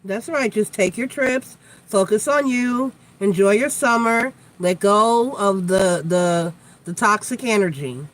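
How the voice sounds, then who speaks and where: A woman's voice: mid-range voice, measured pace. A woman hosting a casual live tarot chat, blunt and chatty with free swearing, tired and yawning from lack of sleep. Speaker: tarot reader, live stream host.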